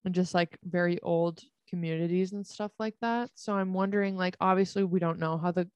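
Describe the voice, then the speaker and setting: A woman's voice: on the low side, fairly even intonation, a little fast, a little mellow, clear, resonant tone, dry recording, highs cut off. A young woman co-hosting a casual podcast, reading a story and musing in a rambling, self-deprecating way. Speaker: podcast co-host.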